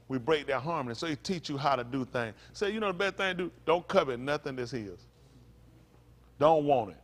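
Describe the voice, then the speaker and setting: A male pastor preaching a loose, conversational sermon, asking the congregation questions and spelling out words. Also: sits high. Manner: stops to spell out Hebrew words slowly.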